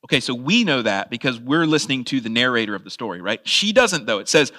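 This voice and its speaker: A man's voice: medium pitch, big pitch swings, quick pace, hardly any pauses, bright, forceful tone. A man preaching a conversational sermon, asking the audience questions and laughing at his own asides. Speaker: pastor.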